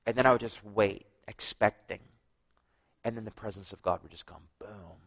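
A man preaching a sermon, telling his own story with lively acted-out dialogue and frequent drops to a hushed voice. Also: on the low side, moderate pace, vocal fry, poor audio. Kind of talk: sermon with personal testimony.

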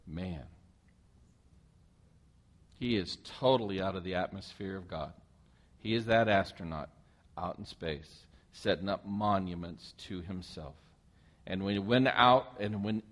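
A man preaching, his fairly low voice rising and falling in lively swings. He reads the scripture passage aloud and keeps breaking off to ask his listeners questions about it. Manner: animated, asks the listeners questions. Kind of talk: sermon reading and commenting on scripture.

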